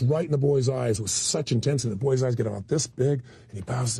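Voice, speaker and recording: Fast-talking man with a gravelly raspy voice. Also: mid-range voice, warm tone. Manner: blunt, emphatic storyteller with occasional swearing. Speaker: motivational speaker and interview guest. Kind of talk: candid conversational interview.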